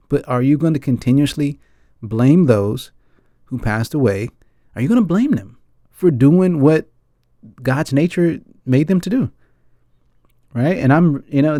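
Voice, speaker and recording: Host, male, from the States. Warm, relaxed voice, dry close sound, loose reflective chat with lots of asides to the audience. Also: on the high side, no echo. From United States. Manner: earnest and rambling, keeps asking the audience "right?" and "guys". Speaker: film discussion host.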